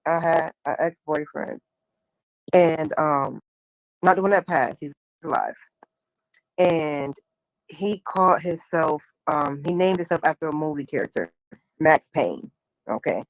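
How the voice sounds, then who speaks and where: A woman casually telling a long personal spiritual story, animated, full of slang and acted-out dialogue. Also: low-pitched, a little slow, pauses often, no echo, low-quality recording.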